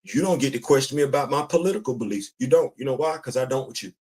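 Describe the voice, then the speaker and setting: A man's voice: mid-range voice, lively intonation, rapid-fire, a little mellow, breathy edge. A man hosting a casual commentary show, talking bluntly and emphatically, repeating his points. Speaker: podcast host.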